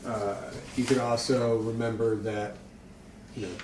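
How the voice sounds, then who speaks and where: A man narrating as game master, relaxed and rambling with fillers. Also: mid-range voice, unhurried, noisy background. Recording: echoey room, mic far off.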